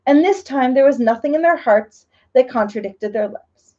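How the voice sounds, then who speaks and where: Gentle woman reading a storybook aloud. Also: sits high, animated, moderate pace, dull audio. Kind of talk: reading a children's book aloud.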